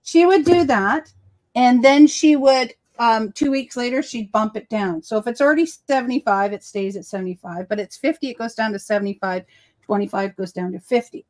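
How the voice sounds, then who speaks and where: Boston lady chatting on a craft stream, kinda high voice, keeps correcting herself. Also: moderate pace, darkish tone. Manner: rambling, self-correcting storyteller. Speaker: host. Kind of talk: casual chat on a crafting livestream.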